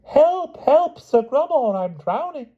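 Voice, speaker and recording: A man voicing a hysterical, theatrical witch queen in a high shrieking falsetto, on a dull lo-fi recording. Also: sing-song, takes it slowly, heavily acted. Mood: melodramatic wailing.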